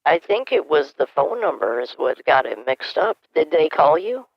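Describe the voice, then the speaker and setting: Scambait role: man doing a dithering older woman, gravelly and dry, dull muffled call audio. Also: fairly high pitch, very animated, moderate pace, dry recording, pitched above the performer's own voice, heavily acted. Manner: hesitant, rambling, easily confused. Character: flustered older woman scam-call target. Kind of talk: scambaiting phone role-play.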